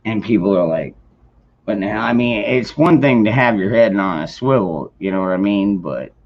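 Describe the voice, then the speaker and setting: A man's voice: fairly low pitch, animated, normal speed. A man hosting a casual late-night livestream, rambling in a laid-back way and greeting chat viewers by name. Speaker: livestream host. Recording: dull lo-fi stream audio.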